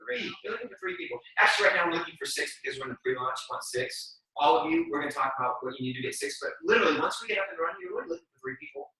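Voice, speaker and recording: A man in his forties giving a motivational training talk to a group, energetic and slangy, acting out quotes as he goes. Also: on the high side, rapid-fire, few pauses. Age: 40s. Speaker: sales team trainer. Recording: very echoey room, mic at a distance.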